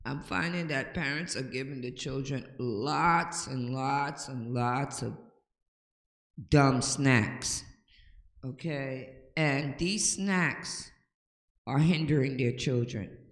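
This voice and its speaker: An older woman talks slowly and deliberately, lecturing with emphatic, preachy conviction. Her voice rings around a roomy space with a long, lingering reverb. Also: rumbling low. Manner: preachy, emphatic, checks in with "okay?". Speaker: home-remedy host. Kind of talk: casual advice talk to camera. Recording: echoey room with long reverb.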